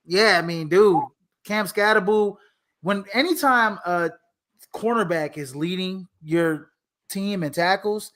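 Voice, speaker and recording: A man with a high voice talks sports in a loose, rambling way. He leans on fillers and restarts, laughs easily, and sounds relaxed. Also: takes it slowly. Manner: laid-back, lots of fillers and restarts, laughs often. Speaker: podcast co-host. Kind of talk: casual sports talk.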